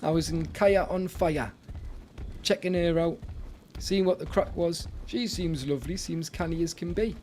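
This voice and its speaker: A man's voice: on the high side, moderate pace, a little mellow, slight background noise. A man with a Northern English accent chatting casually on a live stream, greeting viewers and laughing often.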